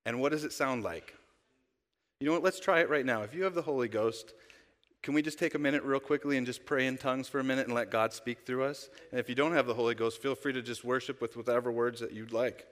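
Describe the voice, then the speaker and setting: A man's voice: mid-range voice, quick pace, a bit bright. A male pastor giving a conversational sermon, asking the congregation rhetorical questions. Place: church sanctuary. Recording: long church-hall reverb.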